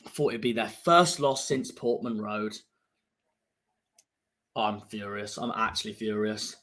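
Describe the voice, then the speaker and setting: A young man, live-streaming a football watchalong, grumbling and fuming at the scores, dropping to mutters and rising to shouts. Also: fairly low pitch, slow pace, long pauses. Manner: frustrated, ranting, swings between muttering and shouting.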